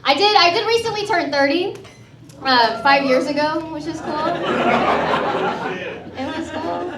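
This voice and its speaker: A woman in her thirties from Texas performs sarcastic, chatty stand-up before a live comedy club audience, her high voice keeping a measured pace as she laughs at her own material. The recording is roomy from a far-off mic, full of the crowd's laughter and cheering.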